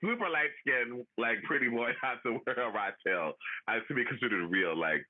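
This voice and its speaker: Animated, sassy man on a tinny line. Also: mid-range voice, moderate pace. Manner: animated, profane, laughing, sassy. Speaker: livestream host. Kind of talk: casual chat, ranting. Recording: tinny phone-like audio.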